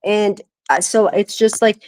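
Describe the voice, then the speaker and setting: A young adult woman in casual chat, telling a lively story and acting out the quotes. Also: medium pitch, unhurried, poor audio. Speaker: podcast co-host.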